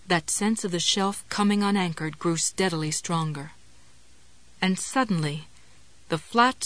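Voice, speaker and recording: A woman reading a novel aloud as an audiobook narrator, in a measured storytelling delivery. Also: on the low side, no echo. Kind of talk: scripted narration.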